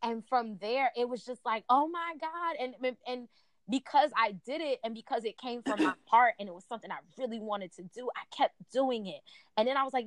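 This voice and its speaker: Woman telling her breakup story, animated, highish voice, dry close mic. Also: brisk, dry recording. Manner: animated storyteller, acts out her own past thoughts. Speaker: guest. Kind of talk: casual chat.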